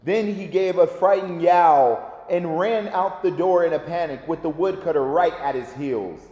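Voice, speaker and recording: A man reading a children's storybook aloud in a gentle, expressive way. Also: on the high side, moderate pace. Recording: echoey reverberant room.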